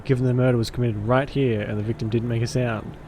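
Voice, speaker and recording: A man's voice: medium pitch, steady tone, fast talker, warm tone, a little hiss or hum, close to an everyday voice. A man voicing a cynical, streetwise male vampire detective with a gritty, hard-boiled drawl. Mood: gruff. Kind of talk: visual novel voice acting.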